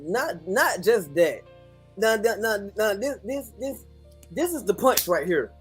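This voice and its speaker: A co-host chiming in on livestream commentary with quick interjections, often repeating words. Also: mid-range voice, expressive, faint music behind.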